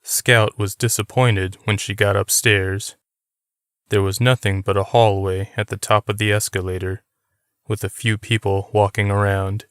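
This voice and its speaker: A man narrating a novel as an audiobook, reading in a steady, unhurried way. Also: fairly low pitch, smooth, no room sound, clean studio sound. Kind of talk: scripted narration.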